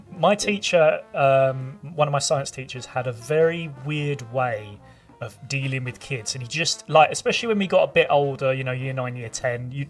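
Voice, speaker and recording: A man co-hosting a casual tabletop gaming podcast, telling stories in a rambling way with frequent laughter. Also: mid-range voice. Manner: rambling, laughing, lively storyteller. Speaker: podcast co-host and game master. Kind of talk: casual chat. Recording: distant from the mic with faint music.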